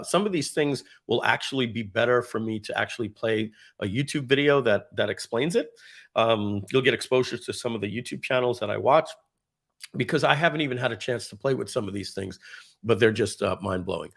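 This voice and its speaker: A man with a low, gravelly voice presents a casual live stream from his computer. He rambles with enthusiasm, full of fillers and restarts, and acts out bits of dialogue as he goes.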